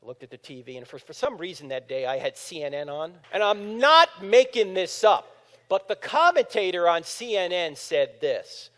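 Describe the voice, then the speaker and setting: Man, 50s, high and lively delivery, speaking to a crowd in a reverberant hall; storyteller who acts out quotes. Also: moderate pace. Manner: animated storytelling, acting out quotes. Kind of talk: apologetics talk to a live audience. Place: large room with audience.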